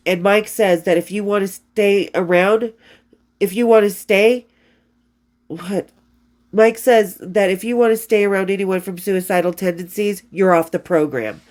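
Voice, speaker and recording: A woman's voice: mid-range voice, a little mellow. A woman in her fifties reading from her old diary and telling rock stories in a rambling, profane way, often losing her place and starting over. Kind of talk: casual storytelling, reading diary entries.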